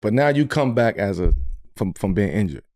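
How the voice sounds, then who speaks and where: A man co-hosting a podcast, talking in an animated way and jumping in with questions. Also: on the low side, moderate pace. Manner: animated, laughing, interjecting. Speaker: podcast co-host. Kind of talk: casual chat.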